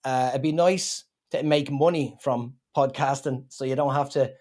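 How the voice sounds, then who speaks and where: A man with an Irish accent, a comedian chatting in an interview and telling rambling, animated stories. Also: mid-range voice, moderate pace. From Ireland. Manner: rambling, animated storytelling with acted-out quotes. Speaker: comedian guest. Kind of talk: casual interview chat.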